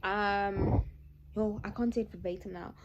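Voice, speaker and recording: A woman's voice: mid-range voice, a little slow, muffled recording, noisy background. A young woman, chatting emphatically to her viewers in a vlog. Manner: emphatic, animated, addresses viewers as guys. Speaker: vlogger. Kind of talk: casual chat to camera.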